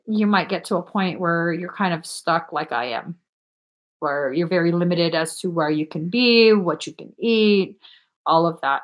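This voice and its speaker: A woman on a casual livestream, giving blunt, frank readings and swearing freely as she talks. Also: on the low side.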